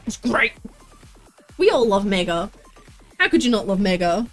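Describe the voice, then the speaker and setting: A woman's voice: mid-range voice, big pitch swings, normal speed, faint music behind. A woman livestreaming while she crafts, chatting to viewers in a bubbly, playful way and often singing or laughing. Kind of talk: casual live-stream chat while crafting.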